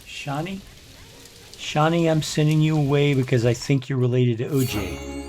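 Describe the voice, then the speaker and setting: A man's voice: medium pitch, normal speed, darkish tone, faint music behind. An older man, rambling through casual gameplay commentary with grumbling asides. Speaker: let's play host.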